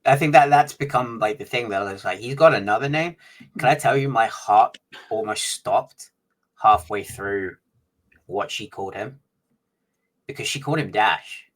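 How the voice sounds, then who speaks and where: A man's voice: lowish voice, normal speed. A man co-hosting a podcast in casual chat, talking loosely with many fillers and asking teasing questions. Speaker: podcast co-host.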